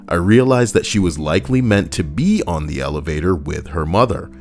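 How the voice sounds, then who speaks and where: A man streaming casually, reading stories aloud and joking sarcastically with his chat. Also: deep voice. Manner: animated, sarcastic, jokes with chat. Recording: soft background music.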